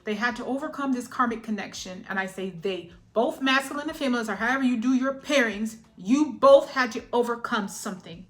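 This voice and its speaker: A woman's voice: fairly high pitch, brisk, few pauses. A woman giving a collective tarot reading in a chatty, emotional way, often laughing and checking in with "all right?". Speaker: tarot reader.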